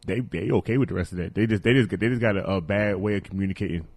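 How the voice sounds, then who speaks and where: A young man co-hosting a podcast, telling profane stories about celebrity gossip and laughing loudly. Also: on the low side, very fast, dry recording. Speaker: podcast co-host. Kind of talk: crude casual banter.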